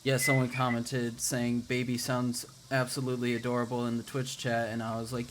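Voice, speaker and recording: A man of average pitch serves as game master for a tabletop session. He jokes playfully with the players in casual chat before the game begins. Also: completely flat delivery, moderate pace, few pauses, noisy background. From American Midwest. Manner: playful, jokey.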